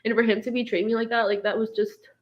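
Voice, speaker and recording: A woman's voice: fairly high pitch, level tone, fast, lo-fi sound. A woman in her twenties, speaking in a distraught, venting way in a personal vlog, filling her sentences with "like". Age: 20s. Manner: distraught, venting, heavy use of "like". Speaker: vlogger recounting her marriage.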